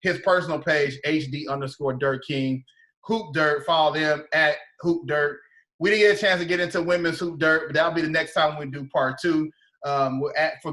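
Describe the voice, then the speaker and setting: Relaxed man hosting a podcast. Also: fairly high pitch. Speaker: podcast host. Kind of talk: casual podcast interview.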